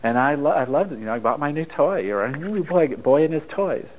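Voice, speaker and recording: A man's voice: a little high, lively intonation, a little fast, lo-fi sound. A man giving a blunt, storytelling talk to a live audience, acting out dialogue as he goes, over a radio broadcast. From United States. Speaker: relationship speaker.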